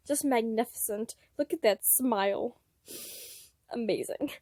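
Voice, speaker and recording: A woman's voice: on the high side, unhurried, a little mellow, no room sound, clean studio sound. A woman reading fanfiction aloud at home, with gushing, giggly fan asides. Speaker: fanfiction reader.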